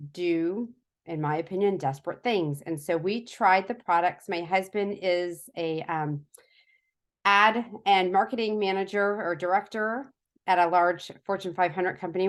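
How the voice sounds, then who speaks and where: A woman in her forties tells a rambling personal story in a casual, chatty way. She pokes fun at herself as she goes and fills her sentences with "like" and "um." Her voice sits at an ordinary middle pitch. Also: fairly bright tone. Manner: chatty, self-mocking, lots of fillers. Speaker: product testimonial speaker.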